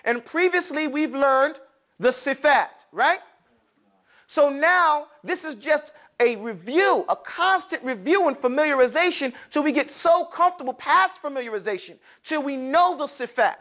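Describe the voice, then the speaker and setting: In a classroom lesson, a man teaches Arabic letters with lively energy, calling on students, posing questions and answering some himself, with casual slang asides. His voice is extremely high, at a normal speed.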